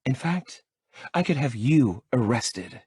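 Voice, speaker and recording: A man voicing an impulsive, fearless young woman who speaks in a sharp, indignant way in an audiobook. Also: medium pitch, sing-song, slow, breathy edge, no echo, studio quality, voice pushed up, exaggerated voice.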